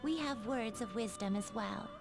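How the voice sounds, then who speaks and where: An actress playing a polite young female warden who speaks calmly and formally. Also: mid-range voice, normal speed, lightly acted. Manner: calm and formal. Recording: game audio with music behind.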